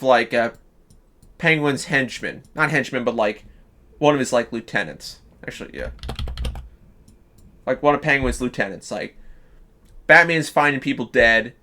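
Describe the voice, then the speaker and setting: A man streaming live, pitching a story in loose casual chat, swearing freely and restarting sentences. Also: bright, forceful tone. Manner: profane, loose, full of fillers and restarts.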